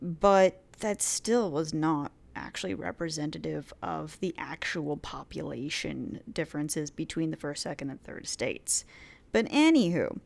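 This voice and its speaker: Chatty woman with a lively voice. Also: low-pitched, measured pace, gravelly. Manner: chatty, playful, many "uh" fillers. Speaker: history podcast host. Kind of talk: casual history lecture.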